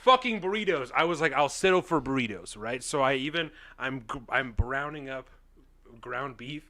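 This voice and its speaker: A young adult man co-hosting a podcast, telling animated stories in casual chat and laughing often. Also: mid-range voice, normal speed. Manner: animated storytelling, laughs often, swears freely. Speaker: podcast co-host.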